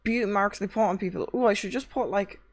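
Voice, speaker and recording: A woman's voice: medium pitch, fast talker. Tired, swearing woman streamer. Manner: chatty, swears a lot, rambling anecdotes. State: tired, short on sleep. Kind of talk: casual stream chat.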